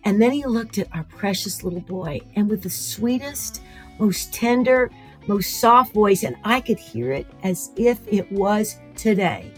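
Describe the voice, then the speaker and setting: A woman's voice: mid-range voice, animated, a little slow, faint music behind. A woman telling a heartfelt personal story as a radio guest, speaking tenderly and repeating phrases for emphasis.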